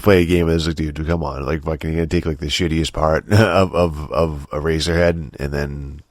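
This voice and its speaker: A man's voice: extremely low pitch, no room sound, clean studio sound. A man hosting a solo podcast, rambling and cursing with lots of restarts and fillers. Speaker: podcast host. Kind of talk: casual solo podcast rant.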